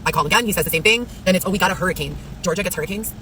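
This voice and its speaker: A woman's voice: fairly low pitch, racing, bright, forceful tone, a little hiss or hum. A woman vlogging in a rambling monologue, blunt and profane, piling up complaints.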